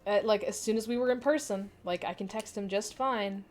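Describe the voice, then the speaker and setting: A young adult woman chats casually on a live stream, answering viewer comments in a candid, rambling way, laughing often and swearing casually. Her mid-range voice moves at a brisk pace.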